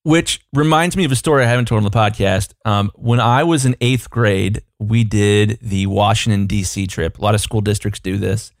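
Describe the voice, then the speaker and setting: A man co-hosting a podcast, telling a rambling, animated anecdote in casual chat, full of fillers. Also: fairly low pitch, moderate pace, few pauses, no room sound, clean studio sound. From United States. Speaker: podcast co-host.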